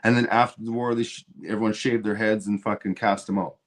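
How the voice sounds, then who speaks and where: A man's voice: fairly low pitch, fairly even intonation, fairly quick. A man hosting a stream, ranting about politics in a heated, profane way with lots of restarts. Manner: heated, swearing, repeats and restarts. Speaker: show host.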